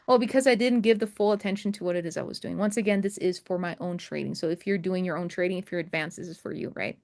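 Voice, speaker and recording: A woman's voice: fairly low pitch, steady tone, fast, vocal fry, a little mellow. A young adult woman in a casual coaching call, mentoring traders, who talks in a chatty way and keeps asking "right?". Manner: chatty, repeats "right?" often. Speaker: trading mentor.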